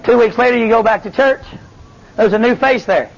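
Male preacher, high pitch, lively revival delivery, dull lo-fi recording. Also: fairly quick, creaky. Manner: animated, calls to the congregation, Southern. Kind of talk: revival sermon with testimony.

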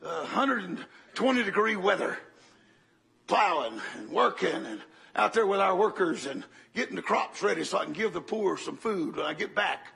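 An older man preaching a sermon, telling a story dramatically and swinging from loud bursts to hushed tones. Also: sits high, animated, normal speed, creaky, slightly rough.

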